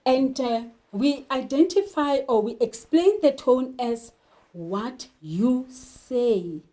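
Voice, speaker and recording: A woman teacher explaining poetry and literature terms, slowly asking questions and answering them herself. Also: high-pitched, expressive, dark tone. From South Africa. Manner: slow, deliberate, poses questions then answers them. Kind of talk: literature lesson.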